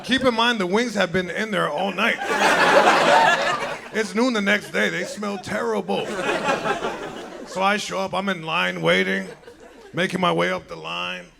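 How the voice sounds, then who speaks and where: A man's voice: high-pitched, steady tone, measured pace, vocal fry, pauses often, heavy background noise. A young man doing a stand-up comedy set, telling a story casually and acting out both sides of the dialogue. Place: comedy show venue with live audience. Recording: loud crowd laughter.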